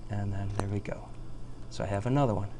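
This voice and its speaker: A man teaching a software tutorial over a screen recording, chatty and jokey, talking through each click. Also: on the low side, fairly even intonation, fast, slight background noise.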